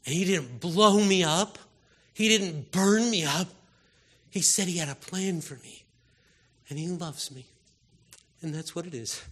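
Male preacher, husky and forceful, fervent sermon, from quiet murmurs to loud pleas. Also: on the high side, slow, long pauses. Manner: impassioned, swings from hushed to loud exhortation.

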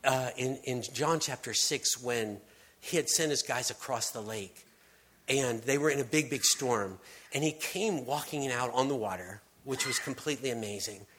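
A man giving a conversational sermon, telling stories with casual restarts and hushed emphasis. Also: medium pitch, moderate pace, slight background noise. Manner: casual, storytelling delivery with frequent restarts and dropped-to-hushed emphasis. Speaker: preacher.

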